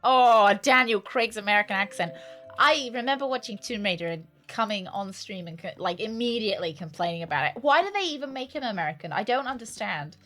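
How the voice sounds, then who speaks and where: A woman's voice: medium pitch, expressive, a little fast, pushed and bright, faint music behind. A young woman with a British accent chatting playfully with her viewers while streaming a game. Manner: chatty, playful, teasing banter with chat. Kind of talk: casual let's-play chat.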